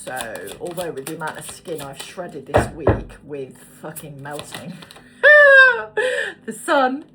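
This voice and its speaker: A woman's voice: low voice, very animated, unhurried, hardly any pauses, heavy background noise. Chatty British woman in her forties. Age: 40s. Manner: chatty, swears casually, goes off on tangents. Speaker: tarot card reader. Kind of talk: casual tarot reading to camera.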